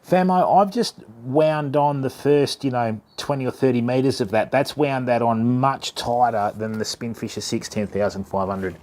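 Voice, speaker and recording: A man's voice: medium pitch, steady tone, moderate pace, few pauses, darkish tone. A man with an Australian accent hosting a casual fishing livestream, chatting with viewers and calling them mate. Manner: chatty, greets viewers by name, calls them mate and fam. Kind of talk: casual live stream chat.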